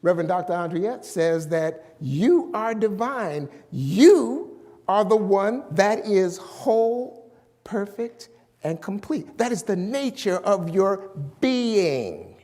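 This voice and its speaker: A middle-aged male minister delivers an unhurried sermon with a high, lively voice that climbs and falls. He leans hard on certain words and stretches them out. The sound carries a long reverb from the worship hall around him. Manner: emphatic, drawing out key words.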